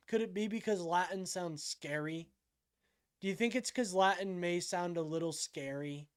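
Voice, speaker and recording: A man's voice: sits high, normal speed, smooth. A man hosting a live stream, reacting to a clip with incredulous, mocking remarks and thinking aloud. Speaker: livestream host.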